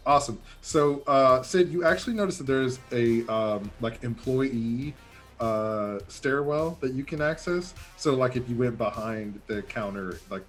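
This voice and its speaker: A man's voice: mid-range voice, measured pace, faint music behind. Loose, rambling man running the game. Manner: loose, filler-heavy narration. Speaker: game master. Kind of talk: narrating a tabletop game.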